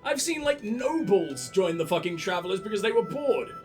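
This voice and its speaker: Young man, sarcastic game commentary, high voice, swearing, mocking, faint music behind. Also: sing-song, normal speed. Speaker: let's play gamer.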